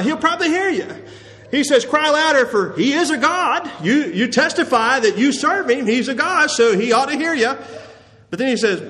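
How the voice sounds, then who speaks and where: A man preaching a sermon to a church assembly in a relaxed, conversational way, chuckling often. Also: extremely high pitch. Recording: long reverb of a church hall.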